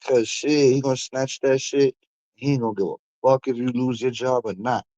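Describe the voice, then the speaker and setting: Male streamer host, casual profane rant, mid pitch, dry slightly muffled mic. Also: normal speed, dry recording. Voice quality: animated, profane, mocking impressions. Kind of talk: casual ranting monologue.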